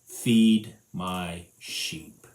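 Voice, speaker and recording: Calm, gentle male teacher voiced by a man, slow and soft-spoken, in a roomy space. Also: high voice, heavily acted.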